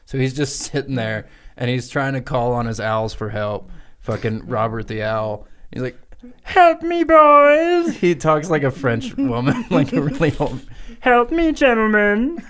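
A man co-hosting a podcast, telling an improvised comic story in a crude, energetic way and laughing as he goes. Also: medium pitch, normal speed. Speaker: podcast co-host.

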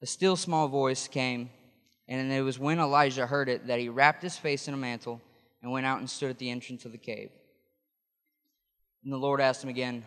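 A man's voice: mid-range voice, fairly even intonation, moderate pace, long pauses, a bit bright, smooth, long reverb tail. A man preaching a sermon, explaining scripture in a conversational way with frequent restarts. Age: adult.

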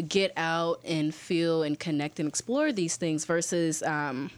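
A woman's voice: deep voice, measured pace, no room sound. Chatty young woman telling stories. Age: young adult. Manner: animated storyteller, many fillers, acts out quoted voices. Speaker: guest. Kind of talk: casual interview chat.

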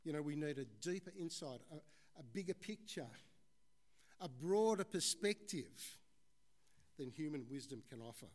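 A man's voice: on the high side, expressive, normal speed, pauses often. A male preacher giving a conversational sermon, addressing the congregation as "folks" and telling stories.

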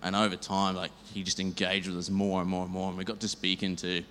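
A man sharing a church testimony, rambling and lively, acting out the dialogue. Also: deep voice, fast. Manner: rambling, animated, acts out dialogue. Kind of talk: storytelling testimony. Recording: reverberant hall, faint noise.

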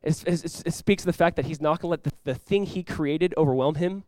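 Animated preaching man, dry close sound. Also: fairly high pitch, fast, no echo. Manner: animated preaching, acting out dialogue with sudden loud outbursts. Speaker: pastor. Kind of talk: sermon.

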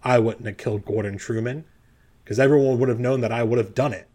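A man's voice: medium pitch, fairly even intonation, quick pace, a little mellow, natural voice. A man voicing a weary, exasperated middle-aged male glassmaker in a tabletop game. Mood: irritated. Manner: sighing, exasperated.

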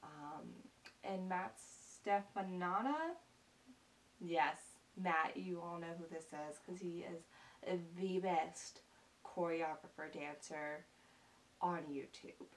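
Young woman vlogger, low-ish voice, earnest and gushy, lots of ums, mic kinda far off with faint hiss. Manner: earnest, gushing, many ums and repeats. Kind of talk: casual chat to camera.

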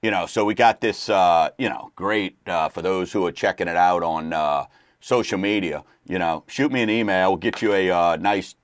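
A man's voice: sits low, moderate pace, dry recording, studio quality. A middle-aged man hosting a radio talk show in a loose, rambling way, full of fillers. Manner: rambling, laid-back, lots of fillers. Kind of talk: casual chat.

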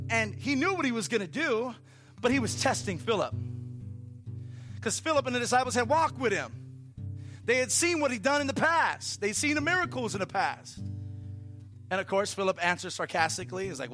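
A man preaching a conversational sermon in a church, telling a story in an animated way with playful asides. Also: high voice, moderate pace, pauses often, faint music behind. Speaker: pastor.

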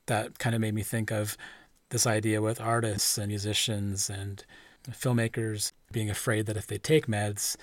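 A man's voice: on the low side, little pitch movement, moderate pace, dry recording. A man interviewing a guest, asking friendly, probing questions. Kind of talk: interview conversation.

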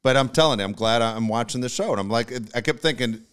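A man co-hosting a podcast in casual chat, enthusiastic and profane, with quick reactions. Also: mid-range voice, fairly bright tone, clear, resonant tone. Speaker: podcast co-host.

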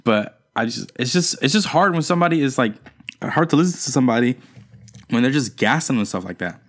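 A young man in casual chat, telling stories in an animated way with lots of slang and swearing. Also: mid-range voice, fairly quick. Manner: animated storytelling with slangy, profane delivery.

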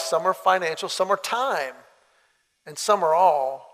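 A man preaching a sermon, telling a story with lively acted-out dialogue. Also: high voice, a little slow, big-room sound, faint music behind. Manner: animated storytelling, acts out quoted dialogue.

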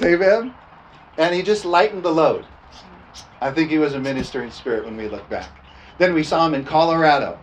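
Laughing, folksy preacher man, slightly high voice. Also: normal speed, a little hiss or hum. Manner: folksy, laughing often, punctuating with "amen?". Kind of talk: storytelling sermon.

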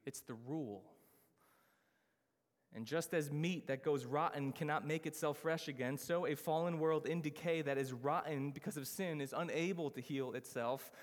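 A man preaching a sermon as pastor, emphatic, slowing down to stress key phrases. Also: a little high, big-room sound.

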